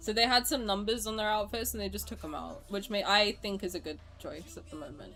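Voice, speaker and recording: This is a woman streamer in casual conversation with her chat. She is excitable and swears freely, and she laughs easily. Her voice sits in an ordinary middle pitch, with faint music running underneath. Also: a little fast. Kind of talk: casual live-stream chat, reacting to viewer comments.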